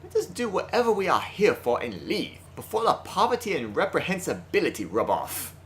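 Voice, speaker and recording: A man's voice: sits high, huge pitch swings, brisk, fairly bright tone, slight background noise, pitched above the performer's own voice, heavily acted. A man voicing a haughty, aristocratic young male bird who talks pompously and with contempt.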